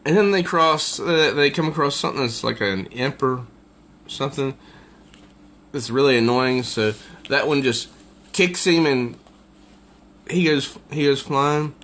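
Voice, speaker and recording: A man's voice: medium pitch, unhurried, pauses often, fairly bright tone. A man casually reviewing a comic book, summarizing the pages with evident amusement. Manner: amused, easily tickled by the jokes.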